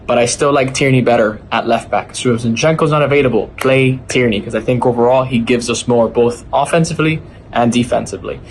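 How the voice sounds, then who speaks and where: A man with an American accent, giving his opinions in a measured, even-handed way in a recorded fan message. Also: medium pitch, a little hiss or hum. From United States. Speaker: fan sending a video message.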